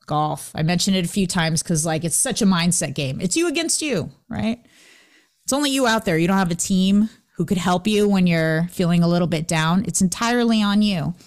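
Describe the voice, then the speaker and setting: A woman hosting a casual motivational talk, lively and laughing often as she acts out what people said. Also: mid-range voice. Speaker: host.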